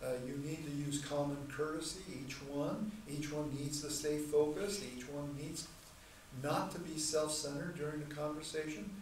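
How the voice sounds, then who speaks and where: A man teaching a church class in a measured, deliberate way, repeating key points and slowing down to stress terms. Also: fairly high pitch, fairly even intonation. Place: church hall. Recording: echoey room, mic far off, faint noise.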